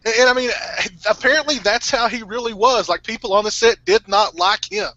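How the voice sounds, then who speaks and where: Man, chatty movie commentary, bright timbre, slightly muffled recording. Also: very high-pitched, brisk, gravelly, dry recording. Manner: animated, chatty, trivia-sharing. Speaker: podcast co-host. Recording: slightly dull lo-fi audio.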